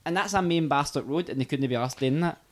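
A man's voice: a little high, quick pace. A Glaswegian Scottish man co-hosting a podcast, ranting and swearing in casual banter and laughing often. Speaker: podcast co-host.

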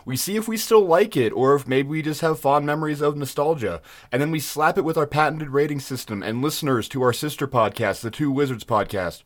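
A man's voice: fairly high pitch, brisk, few pauses. An easygoing man co-hosting a casual podcast, talking in a folksy way. His speech sounds slightly odd after dental work. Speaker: podcast co-host.

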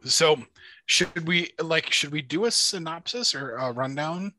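A man's voice: a little high, expressive, a little slow, bright, forceful tone, a little hiss or hum. A man co-hosting a casual chat, rambling with lots of "like" and restarts. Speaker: podcast co-host.

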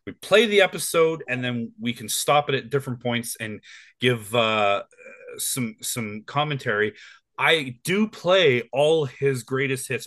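A man's voice: medium pitch, fairly bright tone, no room sound. A man in his forties co-hosting a casual podcast, rambling with plenty of ums and restarts. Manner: rambling, with many fillers and restarts. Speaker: podcast co-host.

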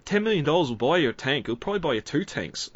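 A man's voice: on the high side, very animated, fast, dull audio. A man in casual film talk, chatty and laughing between points.

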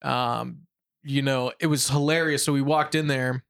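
A young man, chatting casually on a show and telling animated stories about his weekend, acting out his friends' voices. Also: medium pitch, unhurried, gravelly, clear, resonant tone. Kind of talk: casual chat.

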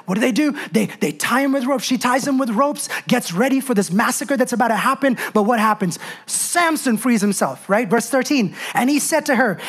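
A woman preaches a sermon in a lively, conversational way, keeping her listeners close with rhetorical questions. Her voice sits a little high, and she presses her points with emphasis. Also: a little fast, hardly any pauses.

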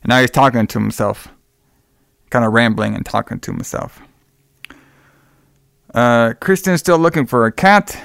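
A young man rambles through a film plot with plenty of fillers and restarts. His voice sounds smooth and resonant. The recording is dry and close. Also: mid-range voice, normal speed, long pauses, a bit bright, no echo. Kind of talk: casual film recap.

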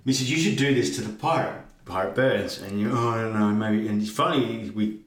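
A man's voice: lowish voice, a little fast. Laughing man telling a wrestling story. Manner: laughs a lot, acts out voices in the story. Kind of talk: casual storytelling chat. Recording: echoey room with faint noise.

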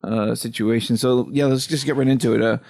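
A man's voice: medium pitch, fairly even intonation, a little fast, gravelly, darkish tone. A man hosting a casual movie podcast, rambling and swearing, with many fillers.

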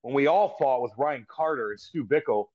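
Ex hockey guy on a podcast, rambling and cursing, mid pitch, kinda dull lo-fi audio. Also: moderate pace. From St. Louis, US. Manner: rambling, profane, restarts sentences. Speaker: podcast guest, former pro hockey player. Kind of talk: casual storytelling. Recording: slightly dull lo-fi sound.

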